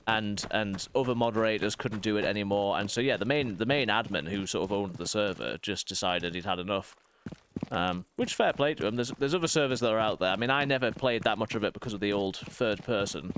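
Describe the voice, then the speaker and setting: A man in his thirties with a softened northeast English accent, chatting casually while streaming a game and rambling through quick asides. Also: on the low side, slight background noise. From northeast England. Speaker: streamer and vicar. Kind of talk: casual gaming stream chat.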